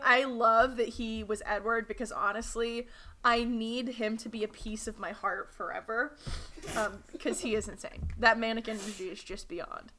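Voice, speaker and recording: A woman co-hosting a podcast with a sharp, bright tone and a slightly high voice. She talks in casual chat, laying on dry, tongue-in-cheek mock praise. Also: steady tone, normal speed, slight background noise. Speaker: podcast co-host.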